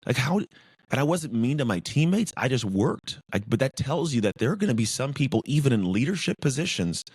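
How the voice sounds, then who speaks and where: A man's voice: medium pitch, big pitch swings, a little fast, breathy edge, no room sound, clean studio sound. A man speaking as a podcast guest, former pro football player, talking intensely and emphatically in repeated lists. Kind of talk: casual interview talk.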